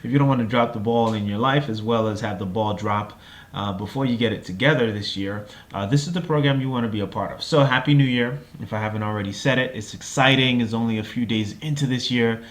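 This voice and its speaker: Male coach, casual promo talk, medium pitch, chatty and filler-heavy. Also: fast. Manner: chatty storyteller, many fillers and tag questions. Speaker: lifestyle and time-management coach.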